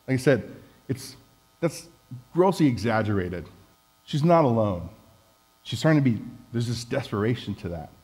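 A man's voice: mid-range voice, very animated, moderate pace, long pauses, a little mellow, husky, rough recording. A man preaching a conversational sermon, candid and self-deprecating as he talks with the congregation.

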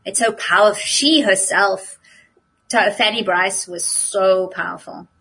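A woman with a husky, breathy voice chats on a podcast, telling stories in an animated way and laughing often. Her pitch sits in a medium range. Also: measured pace, low-quality recording. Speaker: podcast co-host. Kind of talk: casual chat.

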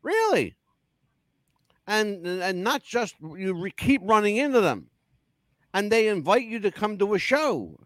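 Male talk-show host, lively storyteller, pitch bounces all over, profane, dry close mic. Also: a little slow, pauses often, no echo. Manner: animated storyteller, swears freely. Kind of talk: casual chat show talk.

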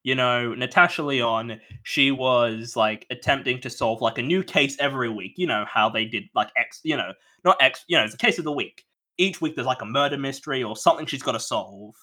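A man's voice: mid-range voice, fairly quick, pushed and bright. A man co-hosting a podcast, rambling and hesitant in casual chat. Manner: rambling, hesitant, laughs often. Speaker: podcast co-host.

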